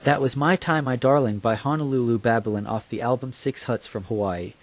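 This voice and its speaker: A man on the radio reading song credits and listener notices in a plain, even way. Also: mid-range voice, a little fast, a little hiss or hum. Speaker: radio host. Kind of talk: reading announcements on air.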